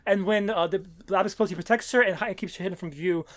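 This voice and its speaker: An excitable man co-hosting a casual podcast, explaining comic plot points and tripping over his own words as he goes. He talks quickly in a noticeably high voice. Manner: excitable, stammers and restarts. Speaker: podcast co-host. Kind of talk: casual comic book discussion.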